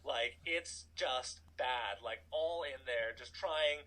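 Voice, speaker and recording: A man in his thirties telling a personal story in a casual, animated way, full of "like" and asides. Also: medium pitch, slow, rough recording. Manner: animated, chatty, filler-heavy "like". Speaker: storytelling guest.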